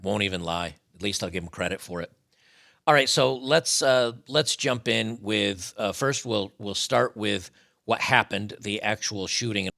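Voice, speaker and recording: A man's voice: lowish voice, measured pace, gravelly, bright, forceful tone. A man hosting a live stream with casual political commentary, blunt, profane and mocking.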